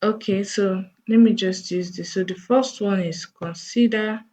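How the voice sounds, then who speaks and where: Slow-paced woman explaining code. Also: mid-range voice, steady tone, warm tone. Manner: slow, thinking aloud while typing. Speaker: coding tutor. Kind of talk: screen-recorded coding tutorial.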